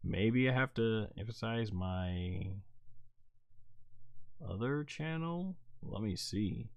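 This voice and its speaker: Low-voiced man rambling on a live stream. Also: animated, slow, dry recording. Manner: rambling and flustered, many fillers and restarts. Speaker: live stream host reviewing wrestling. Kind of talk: casual live stream chat.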